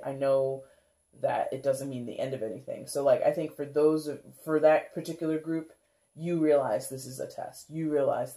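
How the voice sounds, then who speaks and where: A warm, mellow mid-range voice carries this casual tarot reading for viewers. The speaker rambles with plenty of "like" and "kinda," laughing often and playfully performing how viewers might feel.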